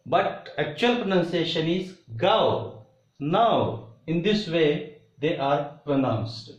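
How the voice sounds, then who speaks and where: A man with an Indian English accent teaching English vowel sounds, deliberately repeating each example word. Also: a little high, lively intonation. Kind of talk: slow explanatory lesson. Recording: roomy, dull lo-fi sound.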